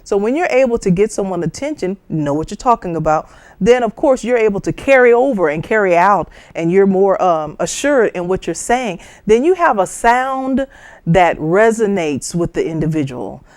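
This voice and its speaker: A woman giving a conversational talk on public speaking, lively and full of asides, jumping high in pitch to act out other people. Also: normal speed, dry recording. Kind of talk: instructional talk.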